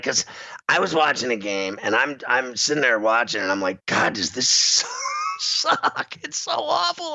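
A man hosting sports talk, telling a rambling story in an animated way and laughing often. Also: lowish voice, no echo, muffled recording.

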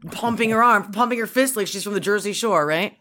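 A woman in her thirties chats casually as a podcast co-host. Her pitch sits right in the middle. She tells lively family stories and slips into the voices of her children and husband as she goes. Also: fairly quick. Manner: chatty storyteller, acts out family members. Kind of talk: casual chat.

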